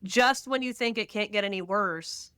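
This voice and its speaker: A middle-aged woman from Texas talks as a podcast guest, animated and storytelling. Her voice sounds bright and smooth, and the recording is dry and close. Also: medium pitch, moderate pace, dry recording. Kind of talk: casual conversational interview.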